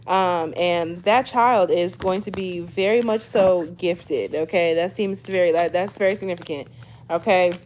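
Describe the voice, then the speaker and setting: A woman's voice: on the low side, measured pace, darkish tone, slight background noise. A woman doing a casual tarot reading to camera, chatty, often tagging lines with "okay?" and addressing viewers as "y'all". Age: 20s. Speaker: tarot reader.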